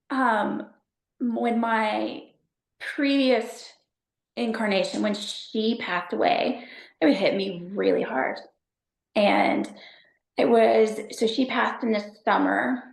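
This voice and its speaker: A woman from Texas, a podcast guest telling stories in a chatty, animated way, full of fillers. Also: a little high, slow pace, gravelly, reverberant. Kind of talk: casual storytelling chat.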